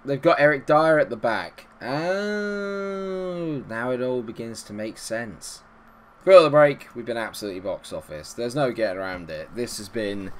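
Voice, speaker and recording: A man hosting a gaming channel, giving excitable, ranting commentary on his own game. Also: mid-range voice.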